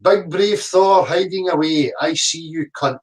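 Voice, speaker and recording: A middle-aged man answers online critics in a combative, mocking rant full of swearing. His voice sits a little high for a man. He sounds set back from the microphone. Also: unhurried, recorded from a distance. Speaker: online commentator. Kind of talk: reading comments aloud and ranting.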